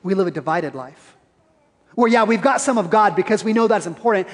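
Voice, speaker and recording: A man's voice: high voice, lively intonation, brisk. A man preaching a sermon in a church, earnest and probing, asking the congregation pointed questions. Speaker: pastor. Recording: reverberant church hall.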